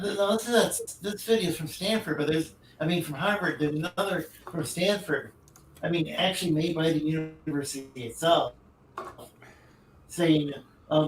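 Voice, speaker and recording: A man's voice: fairly high pitch, noisy background. Hesitant man on a roomy, distant mic. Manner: hesitant, searching for words. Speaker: podcast co-host. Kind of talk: casual chat.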